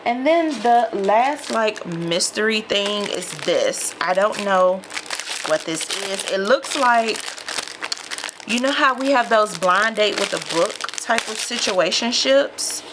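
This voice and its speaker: A woman's voice: mid-range voice, animated, takes it slowly, background noise. A woman vlogger chatting casually to her viewers while unboxing a mystery box, calling them y'all. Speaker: lifestyle vlogger.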